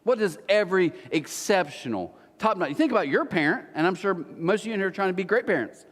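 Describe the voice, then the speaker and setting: A man's voice: sits high, lively intonation, fast talker. A man preaching a sermon to his congregation, telling jokey stories and teasing the people listening. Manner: joking storyteller, teasing the congregation. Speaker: pastor. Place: large church auditorium. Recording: long hall reverb.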